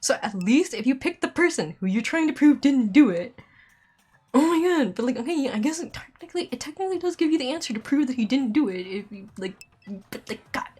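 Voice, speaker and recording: A woman streamer giving exasperated, rambling gameplay commentary, filling her rant with "like" and pushing her voice higher as she gets angry. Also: animated, fairly quick, mellow, husky. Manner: exasperated, rambling, heavy use of "like"; voice climbs high when angry. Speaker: let's play streamer.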